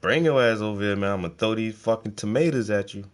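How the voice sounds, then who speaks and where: This painting vlogger speaks fast in a voice on the low side. While painting, he keeps up a casual, meandering chat full of relaxed, foul-mouthed stories.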